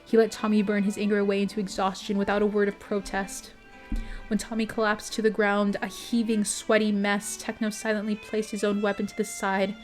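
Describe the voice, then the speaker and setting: A woman reading a bedtime story aloud, steady and expressive, with small slips here and there. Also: medium pitch.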